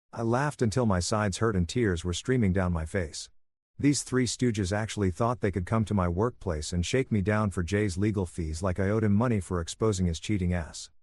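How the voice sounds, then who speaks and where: A man narrating a first-person story in an even, soothing storytelling manner. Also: fairly low pitch, dry recording, clean studio sound.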